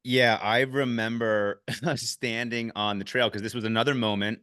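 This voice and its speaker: A man casually recapping an ultramarathon with a friend, candid and swearing freely, animated when he retells moments. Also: mid-range voice, normal speed, clean tone, dry recording, clean studio sound.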